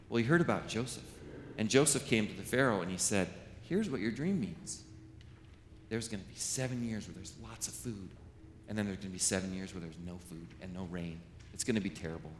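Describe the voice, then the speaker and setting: A man, a pastor, giving a playful children's sermon, telling a story with animated voices to kids. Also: on the low side, moderate pace, slight background noise. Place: large church sanctuary. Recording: echoey church with long reverb.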